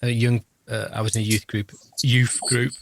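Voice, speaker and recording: A man's voice: medium pitch, little pitch movement, normal speed, vocal fry, no room sound. A man, hosting a podcast in a casual, rambling, self-deprecating, jokey way. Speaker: podcast host. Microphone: podcast microphone.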